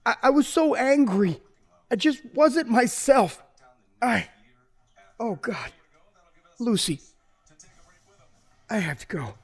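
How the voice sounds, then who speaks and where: An actor playing a troubled male prisoner who swings between angry outbursts and regretful narration, with a slightly husky voice. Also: extremely high pitch, expressive, slow, long pauses, no room sound, heavily acted. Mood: volatile. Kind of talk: audio drama with first-person narration.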